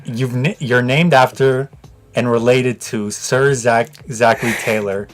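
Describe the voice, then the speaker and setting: A male podcast host asks questions in a relaxed, encouraging way, with a middle-pitched voice. Faint music runs behind him. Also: measured pace. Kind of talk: casual interview. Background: music playing.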